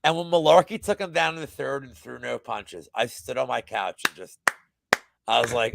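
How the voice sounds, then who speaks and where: A man in his thirties on a casual livestream, talking about betting in animated, profane, boastful rants. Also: mid-range voice, normal speed, creaky, noisy background. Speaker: sports betting guest.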